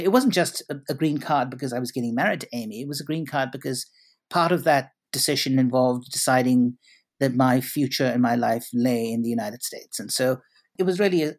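A middle-aged man from Britain, a journalist being interviewed, telling stories in a wry, unhurried way with frequent restarts and fillers. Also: on the high side. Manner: anecdotal, hesitant with restarts, wry. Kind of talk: conversational interview.

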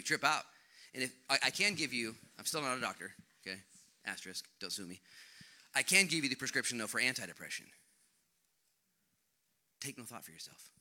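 Middle-aged male pastor, very bright tone, conversational jokey sermon delivery. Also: mid-range voice. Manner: energetic, conversational, jokey, with big swings in loudness.

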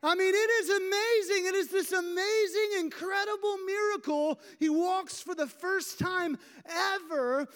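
High-voiced pastor preaching in a reverberant hall. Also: measured pace, few pauses. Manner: animated, emphatic storytelling. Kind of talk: sermon. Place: church sanctuary with seating.

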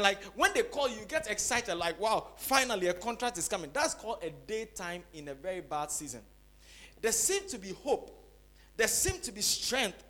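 A pastor delivers his sermon in a high, ringing voice with a sharp, bright edge. He lifts to near-shouts on the big moments and then sinks to soft, confiding asides. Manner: preaching with dramatic rises to shouting and drops to soft asides.

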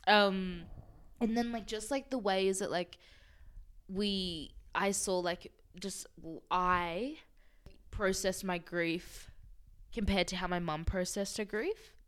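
A young woman in casual conversation, her voice sitting at an ordinary middle pitch. She rambles in a loose, chatty way, leaning on "like" and breaking into laughter easily. It sounds like an unscripted catch-up between friends. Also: fairly even intonation, slow, fairly bright tone, clear, resonant tone. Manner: chatty, heavy use of "like", laughing often. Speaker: podcast co-host. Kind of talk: casual chat.

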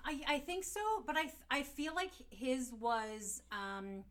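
A woman's voice: high-pitched, lively intonation, slow pace, fairly bright tone. Chatty woman telling a dating story. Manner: chatty, laughing, rambling with fillers. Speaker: podcast co-host. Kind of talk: casual chat, storytelling.

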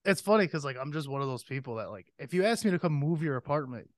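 A man hosting a podcast in a relaxed chat, laughing often and telling easygoing stories. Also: fairly high pitch, quick pace, no room sound, studio quality. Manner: laid-back, laughs often. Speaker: podcast host. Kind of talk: casual chat.

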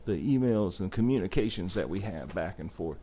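A man's voice: sits low, lively intonation, moderate pace, dark tone. A man hosting a casual podcast and introducing songs, rambling and enthusiastic, with lots of fillers and casual swearing. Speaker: podcast host. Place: North Carolina.

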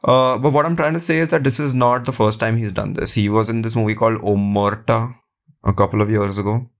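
A man's voice: fairly low pitch, steady tone, a little fast. A man co-hosting a podcast, giving frank, opinionated film criticism in casual chat. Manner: frank, opinionated, with frequent fillers.

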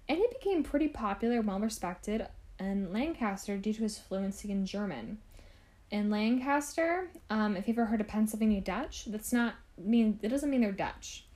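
A woman's voice: mid-range voice, darkish tone. A woman hosting a podcast, telling a history story in a chatty, casual way with asides to the listener. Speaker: podcast host.

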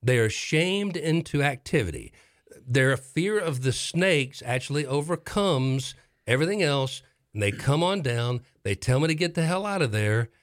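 Animated middle-aged man spinning a tale. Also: mid-range voice, moderate pace. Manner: animated, dramatic retelling with repeated phrases. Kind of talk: casual storytelling on a talk show.

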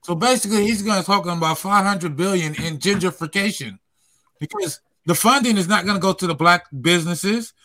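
A man's voice: sits high, brisk, sharp tone, no room sound. A man in a casual group discussion, explaining his point at length and building his argument step by step.

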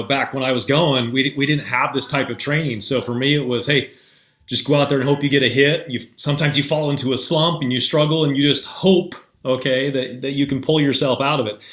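A man who is a guest and mental performance coach, telling a story in a relaxed, conversational way with frequent fillers. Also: mid-range voice, brisk. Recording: echoey room.

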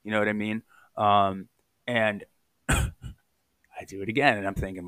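A man's voice: on the low side, measured pace, pauses often, fairly bright tone, clear, resonant tone, dry recording. A man in recovery telling his story in a candid, raw podcast chat, swearing casually.

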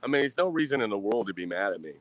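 Low-voiced man rambling over a beer. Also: big pitch swings, rapid-fire, no room sound. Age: 30s. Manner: rambling, swears a lot, sighs. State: drinking beer. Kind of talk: casual rambling monologue.

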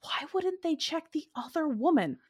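A woman chatting casually about a movie, animated and opinionated, laughing often. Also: high-pitched, normal speed, no echo, studio quality. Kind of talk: casual movie review chat.

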